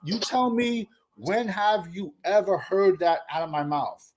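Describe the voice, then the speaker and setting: Animated man insisting in sports debate. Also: sits high, unhurried, a crowd in the background. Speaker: sports show co-host.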